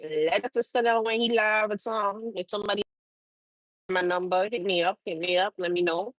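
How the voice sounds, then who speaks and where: Speaking at normal speed in a steady, medium-pitched voice, a woman hosts a trucker livestream. The recording is dry and rough. She's loose and laughs often, swears freely and talks back to her chat.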